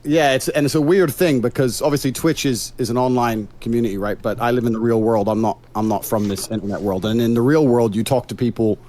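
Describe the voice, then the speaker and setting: A man's voice: medium pitch, steady tone, fast talker, few pauses, a little mellow. A man from the United Kingdom speaking on an online debate panel, formal and lecturing in manner. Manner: formal, lecturing, self-assured. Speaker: debate guest.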